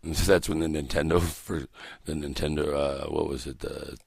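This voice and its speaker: Deep gravelly dude doing morning radio, swears a ton, rambles on, dry studio mic. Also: male voice, fairly even intonation, moderate pace, dry recording. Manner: rambling, swearing, laughing at his own jokes. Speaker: radio host. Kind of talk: profane casual morning radio banter. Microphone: studio microphone.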